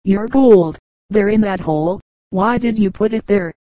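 A reader voicing a calm, sensible male stranger in an audiobook fable, reasoning plainly. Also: mid-range voice, a little slow, no echo, close to an everyday voice. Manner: level, reasoning.

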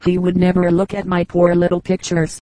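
A woman's voice: on the low side, monotone, fairly quick, warm tone, no room sound, lightly acted, low-quality recording. A woman voicing a shy, modest boy artist who talks himself down.

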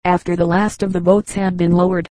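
A woman reads short humorous stories aloud in an even, steady audiobook manner. Her voice is mellow and warm rather than bright. The recording is close and dry, with no room sound. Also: on the low side, brisk, dry recording, low-quality recording. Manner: steady storytelling read. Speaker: audiobook reader. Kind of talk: scripted narration.

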